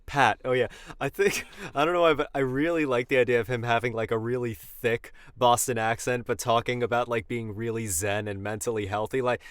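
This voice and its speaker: A man's voice: medium pitch, fairly even intonation, brisk, few pauses, fairly bright tone, smooth, no room sound, clean studio sound. A man co-hosting a podcast, chatting casually and playfully and often losing his train of thought. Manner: playful, joking, trails off often. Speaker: podcast co-host. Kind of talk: casual chat.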